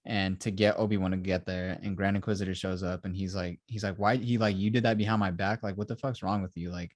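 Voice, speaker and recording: A young man hosting a casual review chat, retelling scenes in an animated way and acting out the characters he quotes. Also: deep voice, quick pace, dry recording, clean studio sound. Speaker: show host.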